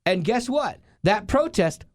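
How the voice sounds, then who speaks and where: Passionate ranting man, fairly high voice. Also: sing-song, unhurried, no echo, studio quality. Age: adult, married. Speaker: radio show co-host. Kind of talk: casual studio banter.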